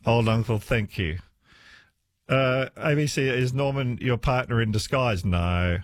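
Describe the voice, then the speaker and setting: A man's voice: mid-range voice, a little slow, dry recording, clean studio sound. A man hosting a talkback radio show, chatting with callers and laughing often. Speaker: radio host. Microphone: studio microphone.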